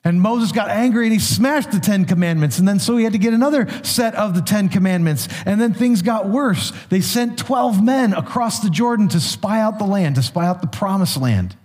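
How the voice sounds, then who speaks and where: A man's voice: sits high, expressive, normal speed, few pauses, a little mellow. A male pastor giving a sermon, retelling scripture in an easygoing, conversational way with small restarts. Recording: long hall reverb.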